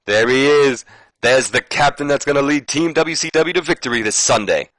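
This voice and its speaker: A man voicing a boastful aging male wrestler in a gameplay retelling, excited and stammering. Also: medium pitch, normal speed, no room sound, voice pushed up, lightly acted, rough recording. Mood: cocky.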